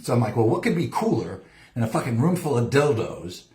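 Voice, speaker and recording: A man rambling through a story on his own live show, cursing constantly and acting out the other people's lines. His voice swings up and down a lot as he tells it. The sound is roomy, with a clear echo around him. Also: medium pitch, brisk. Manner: heavy swearing, lively storytelling, acts out quotes. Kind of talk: profane rambling live-stream monologue. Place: home studio.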